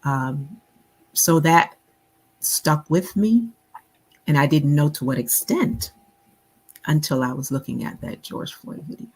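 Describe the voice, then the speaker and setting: A middle-aged woman, a guest author, recounting a childhood memory in a measured, reflective way with many pauses. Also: low voice, lively intonation, a little mellow, husky, rough recording. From Buffalo, New York. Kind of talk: interview storytelling.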